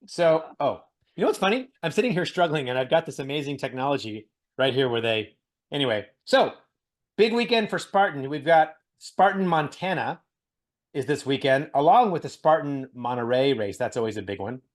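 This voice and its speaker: A man co-hosting a casual podcast, animated and joking, laughing often and rambling through news. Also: medium pitch, moderate pace. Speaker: podcast co-host. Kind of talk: casual chat.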